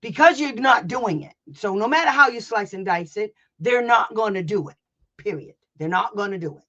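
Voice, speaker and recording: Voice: mid-range voice, lively intonation, moderate pace, pushed and bright, muffled recording. An advocate coaching parents in an informal online session, blunt and emphatic, swearing, laughing and hammering points home through repetition and acted-out exchanges. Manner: blunt, brash and emphatic, with profanity and frequent laughs.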